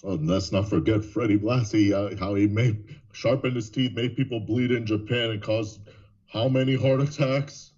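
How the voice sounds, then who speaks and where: A man's voice: fairly low pitch, fairly even intonation, normal speed, darkish tone. A man co-hosting a podcast, chatting casually and hesitantly, with many fillers. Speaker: podcast co-host. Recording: dull lo-fi sound.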